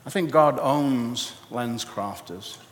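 Animated male preacher in echoey hall. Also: mid-range voice, slow pace. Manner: animated, storytelling, jokey asides. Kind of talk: sermon.

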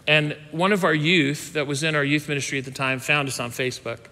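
A pastor in his fifties tells a story from his childhood in an easygoing sermon style, stopping and restarting his sentences as he goes. His voice is high and bright. A long reverb trails behind him, as in a big hall. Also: brisk. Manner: conversational, self-interrupting with restarts.

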